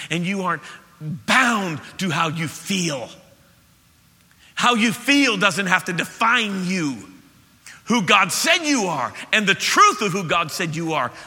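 A man preaching a sermon as pastor, animated, acting out voices and swinging between loud passages and hushed ones. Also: on the high side. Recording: long hall reverb.

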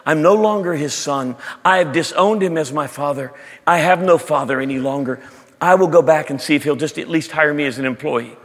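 A man's voice: fairly high pitch, brisk, long reverb tail. A preacher voicing a young man ashamed of himself, asking only to be hired by his father. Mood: resigned. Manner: pleading, downcast. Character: ashamed young son begging to be a hired hand.

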